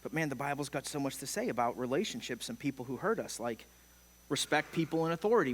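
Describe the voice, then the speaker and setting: A man's voice: mid-range voice, expressive, fast talker. A middle-aged man preaching a sermon as pastor, impassioned and emphatic, with sudden swells and drops in force. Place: church sanctuary. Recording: long church hall reverb.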